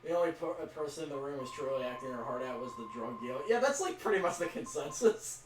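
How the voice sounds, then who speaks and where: A man's voice: mid-range voice, expressive, fast talker, slight background noise. A man chatting casually while playing a video game, rambling and laughing often. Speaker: let's play co-host. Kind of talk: casual gaming chat. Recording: roomy voice from a distance with game music.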